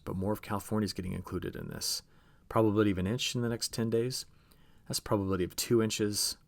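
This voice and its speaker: This man's voice is gravelly and fairly low as he chats through an agricultural weather report on forecast maps. Talking straight to the audience, he keeps breaking off and restarting what he's saying.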